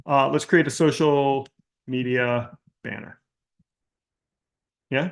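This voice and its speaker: A man's voice: mid-range voice, slow, gravelly, long pauses. A man coaching an online class in a live Q&A, ranting with exasperation and mimicking people in mocking quotes, then walking through a screen-share demo. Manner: calmer screen-share tutorial delivery. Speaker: business coach hosting a live Q&A.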